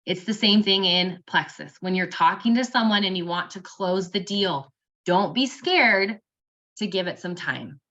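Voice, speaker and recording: Young woman, casual encouraging coach, bright tone, lo-fi recording. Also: lowish voice, lively intonation, a little slow. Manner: upbeat and encouraging, acting out sample messages. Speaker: network marketing team member.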